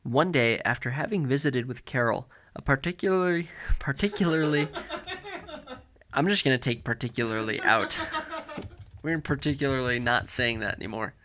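A man's voice: medium pitch, lively intonation, normal speed, noisy background. A man co-hosting a comedy podcast, reading erotic fiction aloud, often stumbling over words and breaking into laughter. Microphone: studio mic with headphones.

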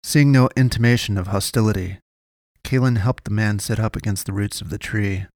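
A man narrating a dark fantasy story in a measured, deliberate reading. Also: on the low side, fairly even intonation, no echo, clean studio sound. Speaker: audiobook narrator. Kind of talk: scripted fiction narration.

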